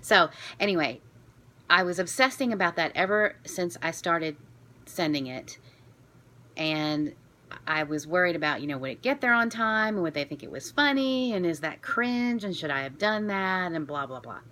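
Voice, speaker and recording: A woman from Florida telling a story to camera in a chatty, self-deprecating, excitable way. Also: on the low side, moderate pace. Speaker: vlogger.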